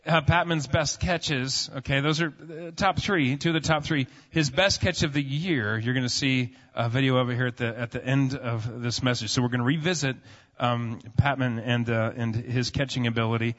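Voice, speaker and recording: A man's voice: mid-range voice, fairly even intonation, normal speed, a bit bright. A pastor in his thirties giving a sermon in a church sanctuary, telling family stories in a casual, rambling way full of fillers. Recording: muffled sound with long hall reverb.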